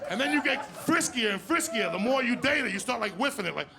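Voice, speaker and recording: A male New Jersey comedian with a gravelly, very high, expressive voice performs a crude stand-up set before a live audience. He tells stories loudly and rapidly, repeating "you understand me?", captured on a live stage mic with crowd noise.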